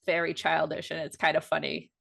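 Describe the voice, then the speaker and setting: A woman's voice: deep voice, flat delivery, fairly quick, gravelly, fairly bright tone. A woman guest co-hosting a movie podcast, chatting casually, giggly and self-deprecating. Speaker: guest co-host. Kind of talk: casual chat.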